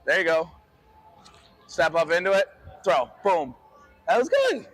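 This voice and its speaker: A man's voice: sits high, huge pitch swings, a little slow, a bit bright, a little hiss or hum. A man coaching a quarterback through drills on an outdoor field, giving direct, encouraging instructions. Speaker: football coach.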